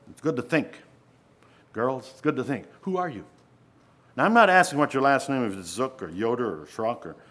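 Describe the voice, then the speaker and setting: A man's voice: mid-range voice, a bit bright. A man preaching a sermon in an earnest way, often asking his listeners rhetorical questions.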